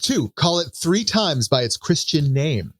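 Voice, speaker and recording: Playful quizmaster man, lively high voice. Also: a little slow, husky, dry recording, studio quality. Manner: playful quizmaster, reads out numbered options. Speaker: podcast co-host running a trivia game. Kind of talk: casual podcast chat.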